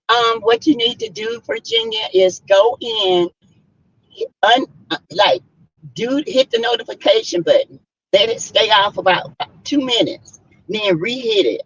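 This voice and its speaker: A woman's voice: medium pitch, husky. A woman hosting a casual live stream, chatting and greeting viewers by name. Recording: dull lo-fi stream audio.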